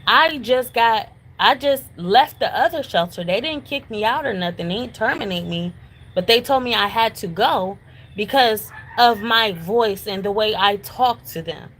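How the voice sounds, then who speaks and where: A woman's voice: fairly high pitch, animated, a little slow, a bit bright, poor audio. A woman in her thirties, a homeless mother, speaking insistently and repetitively about being rejected, close to tears. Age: 30s. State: near tears. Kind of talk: emotional personal testimony.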